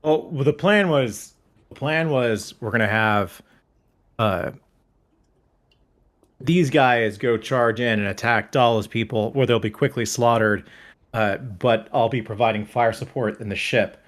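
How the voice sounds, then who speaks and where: A man's voice: mid-range voice, a little slow. Male player, casual, self-mocking, conversational delivery. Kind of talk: casual chat at a tabletop game.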